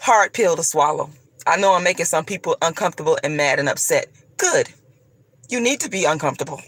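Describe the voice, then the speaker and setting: A woman's voice: low-pitched, lively intonation, a little fast, a bit bright. A woman vlogger delivering a profane, combative, preachy rant straight to her viewers. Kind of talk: ranting monologue to camera.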